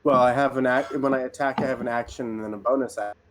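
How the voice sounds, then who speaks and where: A man's voice: medium pitch, fairly even intonation, fast, a bit bright. Eager male tabletop player. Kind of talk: casual game chat.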